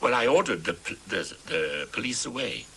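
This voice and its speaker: A man tells his memories in an interview with a gravelly, bright voice. He sweeps his pitch up and down as he tells the story with emphasis and drama. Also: sing-song, moderate pace, a little hiss or hum. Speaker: interviewee, former settler politician.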